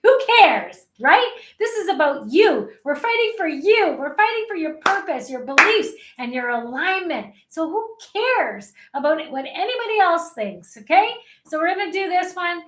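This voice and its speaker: A woman life coach leading an energetic online session, cheering people through spoken affirmations. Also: very high voice, normal speed, echoey room, background noise. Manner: upbeat, encouraging, leads chanted affirmations. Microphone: webcam.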